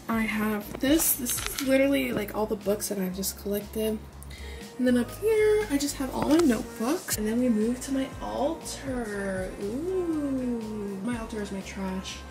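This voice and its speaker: A college-age woman casually showing off her small dorm room in a chatty vlog, with lots of "like" fillers. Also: medium pitch. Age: early 20s. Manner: chatty, lots of "like", says she is winded. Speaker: college student vlogger. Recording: music playing under the voice. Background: music.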